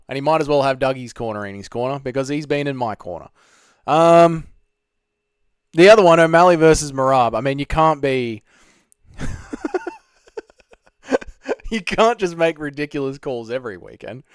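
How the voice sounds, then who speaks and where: A man's voice: mid-range voice, clear, resonant tone, no room sound, clean studio sound. A man hosting a casual livestream, reading viewer questions aloud and joking through his answers from home. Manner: jokey, reads chat questions aloud and riffs on them. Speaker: livestream host answering chat.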